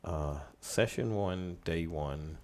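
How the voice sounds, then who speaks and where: A middle-aged man, a studio owner casually telling stories as a podcast guest with relaxed, rambling anecdotes. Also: sits low, slow pace. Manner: relaxed, rambling anecdotes, laughing as he tells them. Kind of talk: casual storytelling in a podcast interview.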